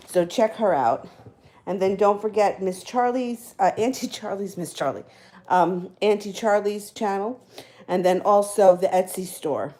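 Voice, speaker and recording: A woman's voice: lowish voice, warm tone. A woman giving tarot readings on a live stream, talking in a casual, rambling way, correcting herself and chuckling between phrases. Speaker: tarot reader.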